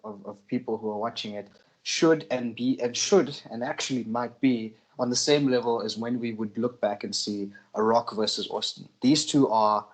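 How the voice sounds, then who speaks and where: A man hosting a wrestling podcast, giving casual opinions in a rambling way, often restarting his sentences, his pitch jumping up when he gets animated. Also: poor audio.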